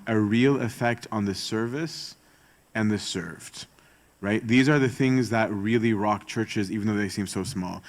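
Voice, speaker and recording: A man, a priest, giving a conversational teaching talk to church servants, often checking in with "right?". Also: on the low side. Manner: casual, keeps asking "right?" and acts out gossip in quoted voices.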